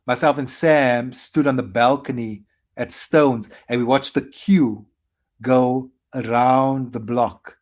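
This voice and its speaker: A South African man in his forties, a comedian guest, telling animated stories with quick asides. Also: medium pitch. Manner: animated anecdotes with quick asides and playful acted quotes. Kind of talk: storytelling interview.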